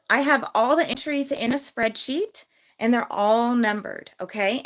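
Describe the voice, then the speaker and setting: A young woman with a fairly high voice chats through a livestream giveaway, bubbly and full of fillers. Her voice is slightly hoarse, as if she is losing it. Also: a bit bright, low-quality recording. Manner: bubbly, chatty, many fillers. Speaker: gecko breeder hosting a livestream giveaway. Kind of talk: casual livestream chat.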